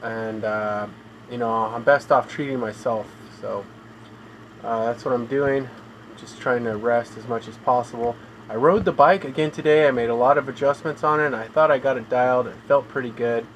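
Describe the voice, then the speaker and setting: A man talking in a flat, weary monotone on a casual live stream from his home room, sounding tired and in pain as he complains. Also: medium pitch, moderate pace, a little hiss or hum, low-quality recording. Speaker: gaming streamer.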